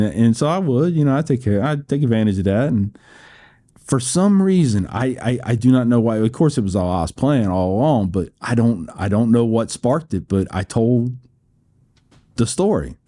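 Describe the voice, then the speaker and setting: A man's voice: medium pitch, animated, normal speed, dark tone. An American man in his sixties, a podcast guest who tells his story in a rambling way, laughing often and restarting phrases. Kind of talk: storytelling interview.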